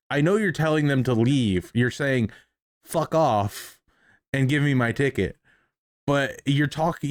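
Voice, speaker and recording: A man's voice: medium pitch, no echo. A man giving casual reaction commentary on police footage, amused and profane, laughing often.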